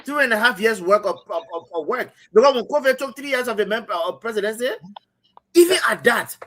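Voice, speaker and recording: A man's voice: very high voice, lively intonation, brisk, sharp tone. A man with a Liberian English accent giving impassioned political commentary on a streamed talk show, emphatic and repetitive. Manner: emphatic, repetitive, addresses co-host as brother. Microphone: streaming setup.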